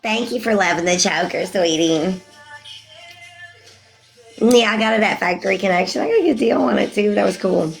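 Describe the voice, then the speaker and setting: Woman, 40s, chatty livestreamer, rambling and giggly, average pitch, faint music underneath. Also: lively intonation, normal speed, vocal fry, pauses often. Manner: rambling, calls viewers sweetie, laughs often. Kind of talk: casual livestream chat with viewers.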